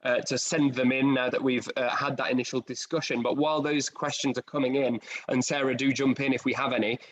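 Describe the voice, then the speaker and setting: A man's voice: medium pitch, fairly even intonation, a little fast, muffled recording, a loud crowd. A man hosting a casual post-show panel over a video call, chatty and self-deprecating, with many fillers. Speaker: host and director.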